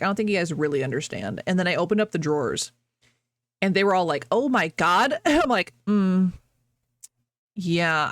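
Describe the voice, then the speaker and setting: A woman streamer chats casually with her viewers, rambling, laughing often and breaking off mid-sentence. Her voice is fairly low, with no room sound.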